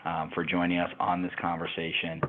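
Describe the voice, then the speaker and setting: A quick-talking man hosts an online webinar, chatty and loose with plenty of fillers. His voice sits very low, and it comes through a tinny, phone-like line. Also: completely flat delivery. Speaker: webinar host. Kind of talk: casual presenting on a call.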